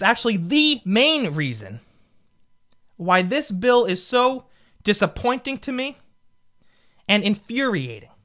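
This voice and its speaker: A political commentator in his twenties from the United States delivers a fired-up, indignant opinion rant packed with rhetorical questions. His voice is high, bright and forceful.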